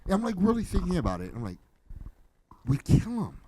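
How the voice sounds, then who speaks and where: A man's voice: high-pitched, brisk, very noisy. A man, joking and mocking in a casual reaction chat as co-host. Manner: animated, mocking, bursts into shouting. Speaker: podcast co-host reacting to videos.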